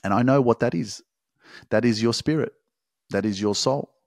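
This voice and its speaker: A man, a motivational coach delivering a forceful, profane, repetitive pep talk. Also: medium pitch, normal speed, gravelly, no echo, clean studio sound. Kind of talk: motivational monologue.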